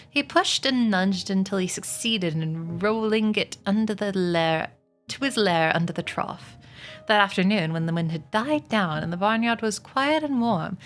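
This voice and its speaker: A woman streaming a book reading, narrating chapters and chatting with viewers in a giggly, friendly way. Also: mid-range voice. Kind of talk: casual livestream storytelling. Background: soft music.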